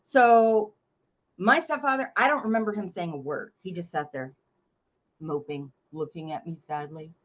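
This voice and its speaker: A woman from North Carolina, a memoir author guest telling a story in a blunt, animated way and swearing freely. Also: deep voice, moderate pace, husky, dull audio. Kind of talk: casual interview storytelling.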